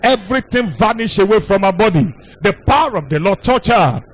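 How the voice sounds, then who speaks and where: A man's voice: high voice, expressive, fairly quick, dry recording. A male pastor preaching a sermon in an emphatic, repetitive cadence.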